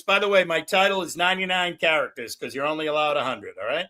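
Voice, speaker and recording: A loud, excitable middle-aged man rambling through profane casual chat as a livestream host. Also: a little high, fast talker, few pauses. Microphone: no headphones.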